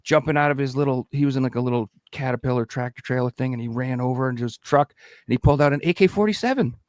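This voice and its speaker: Podcast host guy, animated, cusses a lot, dry close mic, middle pitch. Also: fast, dry recording. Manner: animated storyteller, swears freely. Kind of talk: casual podcast chat.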